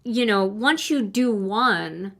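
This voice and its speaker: A woman's voice: medium pitch, lively intonation, slow pace, fairly bright tone. Chatty older woman hosting a craft showcase. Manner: enthusiastic, chatty, reads greeting texts aloud. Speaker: host presenting new craft products. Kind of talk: livestream product showcase.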